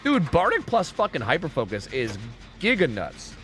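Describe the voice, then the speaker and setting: A man commenting live on his game, his pitch leaping high and dropping low again as he swings from pleading shouts to mumbled asides. He is profane and excitable, with faint music under his voice. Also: moderate pace. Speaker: streamer. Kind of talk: live gaming commentary with chat.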